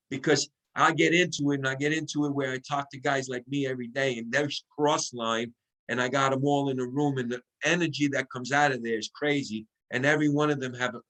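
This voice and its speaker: A man giving an excitable, coaching sales training talk over a video call, acting out sample phone calls as he goes. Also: medium pitch, poor audio. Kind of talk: motivational team training talk.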